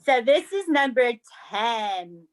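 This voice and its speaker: A woman's voice: a little high, sing-song, slow. A woman co-hosting a casual true-crime podcast, chatty and laughing often. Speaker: podcast co-host. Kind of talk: casual chat.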